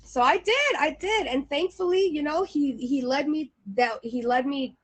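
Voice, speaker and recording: Woman with a high voice, chatty storyteller, loose and rambling delivery. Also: moderate pace. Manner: chatty, many fillers and restarts. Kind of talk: casual storytelling.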